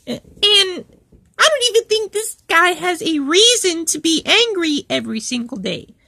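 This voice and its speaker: A woman's voice: extremely high pitch, very animated, unhurried, vocal fry, pushed and bright, no echo, full character voice. A woman voicing an indignant, preachy female cow office worker in a storytime vlog, rambling with many fillers and restarts. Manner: preachy, quotes Bible verses. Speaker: channel host.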